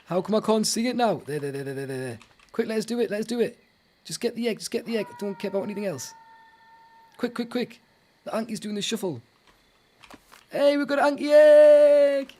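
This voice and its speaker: A young man giving live commentary while he plays a video game, excitable and talking to himself. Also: high voice, fast talker. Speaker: streamer. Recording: game music in the background. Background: game music.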